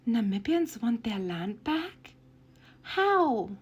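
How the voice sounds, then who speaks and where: A woman putting on the voice of an entitled settler, protesting in a high, incredulous tone. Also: very animated, takes it slowly, breathy edge, exaggerated voice. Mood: indignant. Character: indignant entitled settler insisting on belonging.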